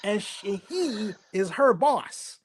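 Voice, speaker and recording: Middle aged guy telling stories on an interview, pretty high voice, animated, does everybody's voices. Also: slow, a crowd in the background. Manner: animated storyteller, acting out quoted voices. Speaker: guest. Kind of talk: storytelling interview.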